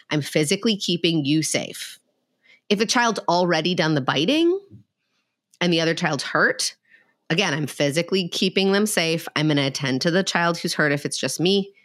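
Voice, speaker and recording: A woman psychologist talking casually and practically as a guest, candid and quick in bursts. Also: low-pitched, a bit bright, dry recording, studio quality. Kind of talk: casual expert talk.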